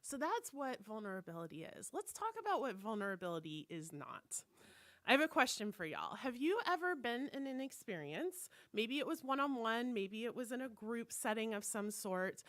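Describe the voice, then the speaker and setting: Woman minister, conversational sermon, higher voice, dry close sound, acts out quoted lines. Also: fairly bright tone, dry recording. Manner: candid storytelling, acting out quoted voices.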